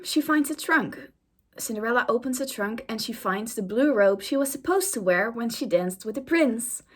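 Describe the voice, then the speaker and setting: A young woman and YouTuber reading an AI-written story aloud in a casual, amused way. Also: on the high side.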